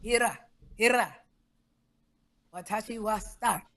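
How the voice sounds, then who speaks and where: A woman's voice: medium pitch, slow, a bit bright. A woman co-hosting a comedic casual chat, teasing and drawing out playful exaggerated pronunciations. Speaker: co-host.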